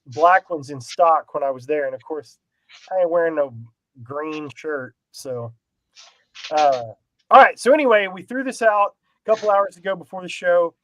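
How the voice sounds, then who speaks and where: A man's voice: fairly high pitch, animated, moderate pace, a bit bright, slight background noise, low-quality recording. A man co-hosting a casual podcast chat, rambling and self-deprecating, laughing often. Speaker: podcast co-host.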